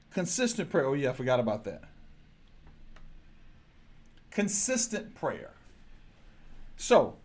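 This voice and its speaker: A man preaching a sermon, speaking straight to his congregation and moving a handheld microphone as he goes. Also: fairly high pitch. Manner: lively preaching, direct address to congregation. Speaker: pastor.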